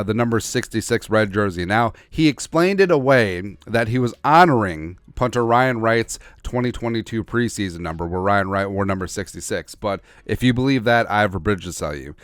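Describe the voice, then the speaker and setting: A man's voice: fairly low pitch, animated, normal speed, fairly bright tone, no room sound, studio quality. A man hosting a sports podcast, giving blunt, sarcastic, opinionated commentary in a ranting manner. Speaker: podcast host.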